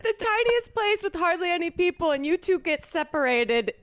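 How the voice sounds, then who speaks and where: A woman's voice: extremely high pitch, big pitch swings, normal speed, no echo, studio quality. A woman co-hosting a podcast, reacting with teasing jokes in casual chat. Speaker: podcast co-host.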